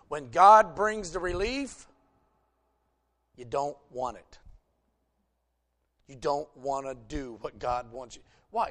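A man's voice: on the high side, a bit bright. A pastor preaching a sermon to his congregation, folksy and joking, from the American South.

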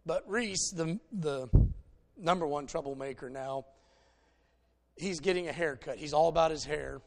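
A man's voice: a little high, unhurried, gravelly. A man preaching a conversational sermon in a folksy, plainspoken way, telling stories to make his points.

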